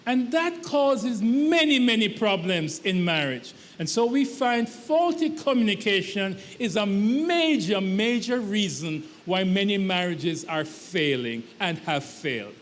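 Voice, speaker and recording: A man's voice: high-pitched, very animated, unhurried, hardly any pauses. A man preaching a sermon as pastor, with an emphatic, repetitive cadence. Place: church sanctuary. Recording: long church hall reverb.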